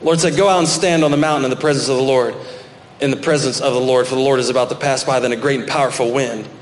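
A man's voice: medium pitch, fairly even intonation, fast talker. A male pastor preaching a sermon and reading scripture aloud, rising into emphatic bursts. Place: church sanctuary. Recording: echoey church hall with long reverb.

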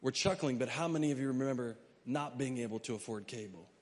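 A man preaching a sermon as pastor. He moves from quiet, conversational asides to loud, emphatic preaching and reads scripture aloud. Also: medium pitch, fast, in a large hall.

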